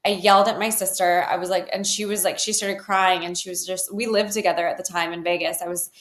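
A woman's voice: fairly low pitch, fairly even intonation, quick pace, a bit bright. A woman telling her personal story in an interview, talking loosely with many fillers and restarts. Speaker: guest, healer. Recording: roomy echo.

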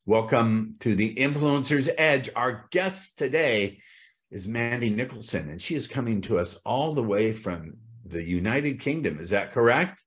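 A man's voice: mid-range voice, lively intonation. A middle-aged man from the United States hosting a podcast interview, upbeat and eager to dive into questions. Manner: upbeat, talks of diving in, quick asides. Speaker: podcast host.

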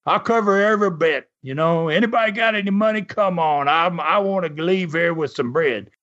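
A man voicing a cocky, loudmouthed little male wrestler who shouts his brags, with a raised pitch. The recording is dull and lo-fi. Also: normal speed, lightly acted. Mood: boastful. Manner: shouting, brash bragging. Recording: dull lo-fi podcast audio.

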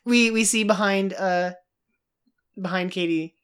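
A woman co-hosts a relaxed film chat in an animated way. She acts out lines from scenes and laughs as she goes. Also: medium pitch, measured pace, clean tone. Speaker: podcast co-host. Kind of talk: casual film discussion.

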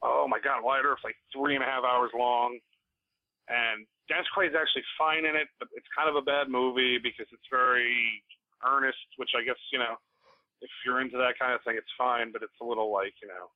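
A man's voice: medium pitch, fairly even intonation, no room sound. A man chatting casually on a podcast, easygoing and talkative. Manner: easygoing, chatty, quick to laugh along. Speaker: podcast guest. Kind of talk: casual chat. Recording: tinny phone-like sound.

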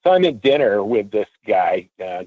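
A man, an auctioneer, telling a long anecdote in a radio interview, casual and animated, and he acts out what people said. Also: fairly low pitch, moderate pace, no room sound, narrow, tinny audio. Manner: animated storyteller, acts out quotes; casual, swears freely. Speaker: auctioneer guest. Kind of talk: storytelling interview.

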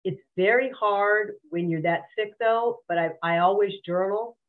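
A woman appears as a podcast guest, frankly and earnestly recounting her own story in a candid personal interview and often repeating words. Her mid-range voice moves at a moderate pace over a tinny, phone-like remote line.

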